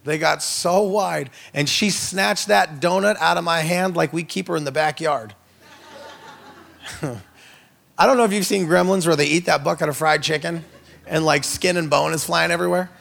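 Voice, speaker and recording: A man's voice: a little high, normal speed, gravelly, fairly bright tone. A man, an itinerant minister giving a humorous testimony sermon, telling a story with jokey asides to the audience. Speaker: itinerant minister, guest speaker.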